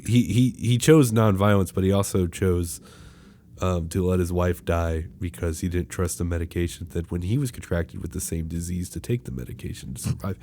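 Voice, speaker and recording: Low-voiced man casually recapping a movie. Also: fairly even intonation, dark tone. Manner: laid-back recapping with frequent "uh" pauses. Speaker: podcast co-host.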